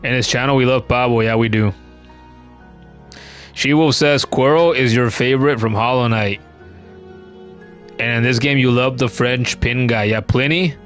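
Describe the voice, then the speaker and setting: A man's voice: mid-range voice, fairly even intonation, moderate pace, long pauses, fairly bright tone, faint music behind. A man giving casual, chatty commentary while streaming a game, cursing now and then and reading chat comments aloud.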